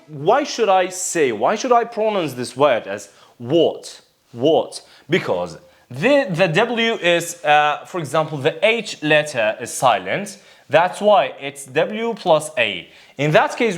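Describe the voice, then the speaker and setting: Man, Kurdish first language, English teacher, slow delivery, animated intonation, repeats words, quizzes the class. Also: fairly high pitch. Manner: explains step by step, repeating words and asking the class questions. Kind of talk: classroom grammar and pronunciation lesson.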